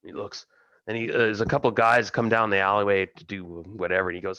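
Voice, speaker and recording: Low-voiced male game master, casual. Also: level tone, brisk, pushed and bright, no room sound, lo-fi sound. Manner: casual, rambling, with fillers. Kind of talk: narrating a tabletop game.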